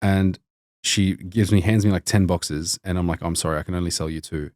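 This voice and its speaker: A man's voice: deep voice, fairly quick, darkish tone, no echo, studio quality. A man from Lebanon, a podcast guest, talking casually and rambling with lots of fillers and restarts. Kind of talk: casual conversation.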